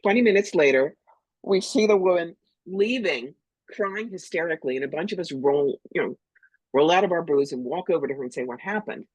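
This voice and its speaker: A woman's voice: fairly low pitch, brisk, a little mellow, breathy edge, no echo, low-quality recording. An older woman from New York, a psychic medium being interviewed, talking bluntly and animatedly and acting out other people's voices. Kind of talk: storytelling interview talk.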